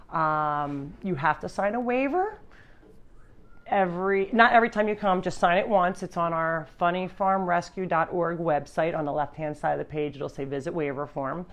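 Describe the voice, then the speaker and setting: A woman hosting an animal sanctuary's live stream, talking in a chatty, rambling way with frequent restarts. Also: fairly low pitch. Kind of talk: casual live-stream chat.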